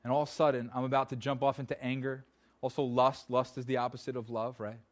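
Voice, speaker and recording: A man's voice: mid-range voice, flat delivery, fast talker. Man preaching in a conversational style. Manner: conversational preaching, dropping to soft pleading then rising. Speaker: pastor. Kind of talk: sermon. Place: church.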